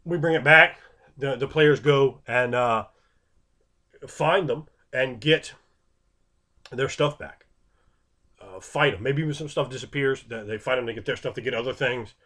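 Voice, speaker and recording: An animated man in a mid-pitched voice talks loosely through game master advice. He keeps it casual and unscripted, tossing in sound-effect words and quick bits of acted speech. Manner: animated and conversational, acts out quick voices for players.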